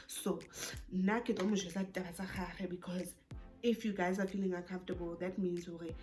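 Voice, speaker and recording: A young woman with a South African accent tells a personal story straight to camera. Her voice is mid-pitched and lively, and she slips between languages and jumps up into exasperated outbursts. Faint music plays underneath. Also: a little fast. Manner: animated, code-switching, rising into exasperated bursts. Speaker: YouTuber. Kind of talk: storytime vlog.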